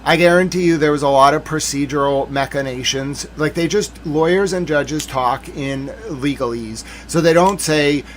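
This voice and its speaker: A man hosts a live stream with a high-pitched voice. He rants with theatrical, mock outrage. He often drops back into casual musing. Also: normal speed, hardly any pauses, slight background noise. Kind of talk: live-stream commentary rant.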